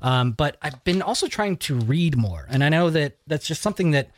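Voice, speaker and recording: Brief: male podcast host, relaxed and joking, a touch high-pitched, dead-dry booth sound. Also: normal speed, no room sound. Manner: loose, joking, swears casually. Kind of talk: casual podcast chat.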